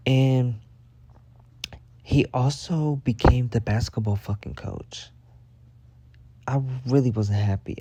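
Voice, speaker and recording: A man's voice: mid-range voice, measured pace, long pauses, mellow, no room sound. A young man telling stories and giving advice in a sassy, profane, exasperated rant. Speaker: advice and story vlogger. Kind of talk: casual storytelling rant.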